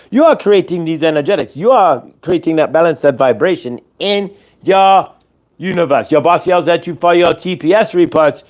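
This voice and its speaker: A man's voice: on the high side, lively intonation, moderate pace, a little mellow. A man hosting a show, giving a channeled spiritual teaching that speaks as "we" and circles back to repeat its points. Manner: speaks as a collective "we", repetitive and instructive.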